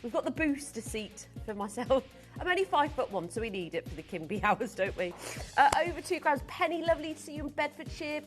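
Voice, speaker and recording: A woman's voice: high-pitched, sing-song, a little fast, soft background music. A woman presenting live on a shopping channel from a TV studio, speaking in chatty, gushing sales patter full of asides.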